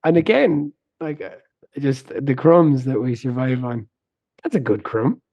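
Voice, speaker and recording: A man co-hosting a casual podcast, talking in a relaxed, reflective way. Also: mid-range voice, measured pace, no echo, highs cut off. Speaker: podcast co-host. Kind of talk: casual chat.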